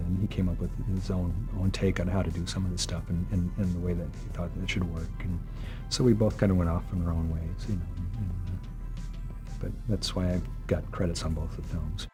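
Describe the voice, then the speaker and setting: Deep voiced guy rattling off stories fast, acting out the other voices. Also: music in the background. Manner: animated, acts out quotes. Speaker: makeup artist interviewee. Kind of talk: interview storytelling.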